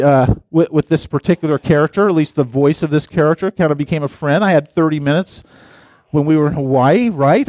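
A man's voice: fairly high pitch, a little mellow, dry recording, clean studio sound. A middle-aged man, a pastor, giving a playful, chatty sermon and talking directly to his listeners. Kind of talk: casual sermon.

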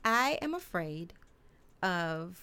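A young adult woman co-hosting a podcast, telling stories in a loose, profane, animated way. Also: on the low side, drawn-out words. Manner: profane, animated storytelling with a Southern Black American vernacular. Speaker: podcast co-host. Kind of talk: casual podcast chat.

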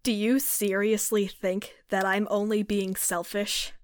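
A woman's voice: mid-range voice, flat delivery, measured pace, no echo, close to an everyday voice. A woman plays a resentful young woman who demands why she must suffer for her family. She pleads and accuses in a dry, close recording. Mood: accusing. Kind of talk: tabletop role-play in character.

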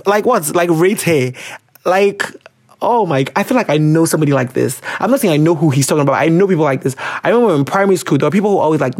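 A podcast host, chatting casually, animated and theatrical, often breaking into laughter. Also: medium pitch.

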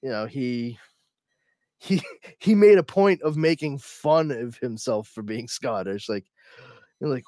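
A man's voice: mid-range voice, lively intonation, slow pace, long pauses, dark tone, dry recording. A man co-hosting a casual comics podcast, talking over a video call in a dry, close recording. He rambles, restarts his sentences often and breaks into laughter as he goes. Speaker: podcast host.

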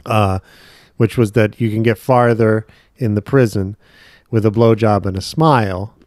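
A man's voice: fairly low pitch, fairly even intonation, unhurried, a little mellow, no echo, clean studio sound. A man co-hosting a comedy podcast, rambling and hesitant in a casual chat and giggling often. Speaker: podcast co-host.

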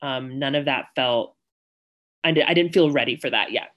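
A woman's voice: extremely low pitch, normal speed, fairly bright tone, muffled recording. Young woman guest, chatty storyteller, filler-heavy, slips into quoted voices. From Connecticut and Virginia, US. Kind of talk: casual storytelling interview.

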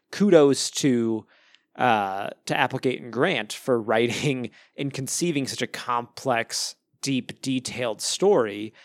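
A man's voice: mid-range voice, no room sound. A man co-hosting a casual book podcast, rambling and full of fillers. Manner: rambling, lots of "like" and restarts, laughs now and then. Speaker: podcast co-host discussing a book. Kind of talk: casual chat.

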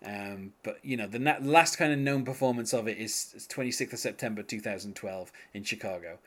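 A man's voice: on the low side, brisk, fairly bright tone. A man chatting casually as a podcast host, full of fillers and restarts. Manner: hesitant, many fillers and restarts. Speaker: podcast host reviewing music. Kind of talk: casual chat.

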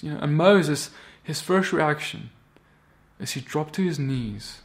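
A man's voice: a little high, expressive, unhurried, vocal fry. A man teaching a Torah portion in a sermon, talking animatedly and often acting out the biblical figures' words in character. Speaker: Bible teacher.

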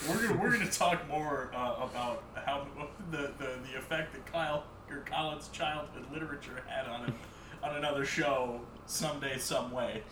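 A man co-hosting a podcast in casual comedic chat, sarcastic and quick to exclaim. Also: mid-range voice, bright, forceful tone, slight background noise. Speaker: podcast co-host. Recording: roomy echo.

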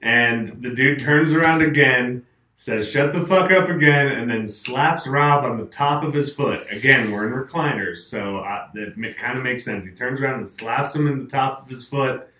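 A man hosting a casual chat and telling an animated anecdote. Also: mid-range voice, moderate pace. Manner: animated storyteller, acts out quotes. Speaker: podcast host telling a story. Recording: roomy, mic at a distance.

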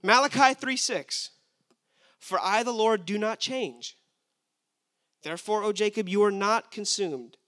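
A man's voice: high voice, measured pace, long pauses, sharp tone. A young man preaching a sermon, emphatic and asking his listeners rhetorical questions.

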